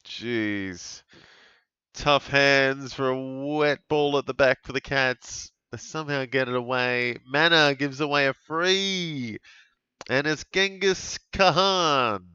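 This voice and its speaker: A man casually commenting on a live football game for his stream, chatty and relaxed, with sudden bursts of excitement at big plays. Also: mid-range voice, takes it slowly, clear, resonant tone, no echo, highs cut off. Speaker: fantasy football streamer calling a live watch-along.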